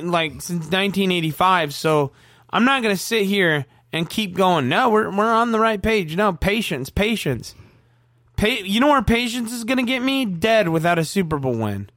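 A man's voice: sits high, a bit bright, no echo, clean studio sound. A man co-hosting a sports talk show, ranting in frustration with profanity and stammered restarts.

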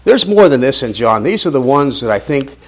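A man's voice: mid-range voice, sing-song, a little fast. A man teaching a sermon, reading scripture aloud with rising emphasis and asking rhetorical questions. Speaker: Bible teacher.

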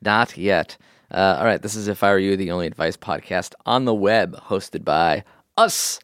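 A man co-hosting an advice podcast in casual chat, joking and laughing often with drawn-out emphasis. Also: low-pitched, a bit bright, no room sound, studio quality. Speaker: podcast co-host.

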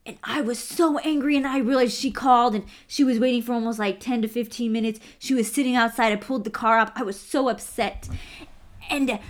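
A woman's voice: fairly high pitch, fairly even intonation, a little fast. A young American woman telling a personal story earnestly in a casual podcast conversation, full of "like" fillers. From United States. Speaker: guest.

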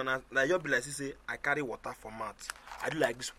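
Fast-talking Nigerian man, teasing. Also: medium pitch, steady tone, bright, forceful tone, a little hiss or hum. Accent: Nigerian Pidgin. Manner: teasing, skeptical, quick banter. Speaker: podcast co-host. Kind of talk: casual chat.

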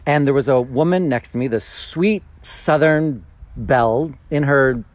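A man's voice: mid-range voice, measured pace, no room sound. A man hosting a casual podcast chat, chatty and playful as he tells stories to a friend. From United States. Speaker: podcast host.

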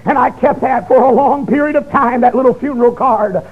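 A man preaching his testimony, emotional, swinging from shouts down to hushed low tones. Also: fairly quick, breathy edge. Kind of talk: fiery testimony sermon. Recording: dull lo-fi recording.

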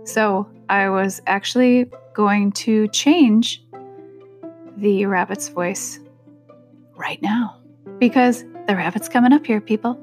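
A woman's voice: medium pitch, takes it slowly, faint music behind. A woman hosting a reading podcast, chatting casually with listeners and making joking asides. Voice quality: gravelly fry. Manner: chatty and self-deprecating, aside-prone. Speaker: audiobook podcast host and reader. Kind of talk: casual chat and reading aloud.

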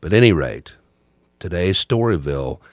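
Here the middle-aged podcast and radio host has a deep voice with lively intonation and a moderate pace. He delivers a frank, thoughtful monologue in a casual, musing way, recorded dry.

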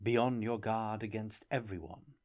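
A man voicing a mild, softly ironic young traveling player in an audiobook reading. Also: on the low side, steady tone, normal speed, natural voice. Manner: mild, soft-spoken, subtly ironic.

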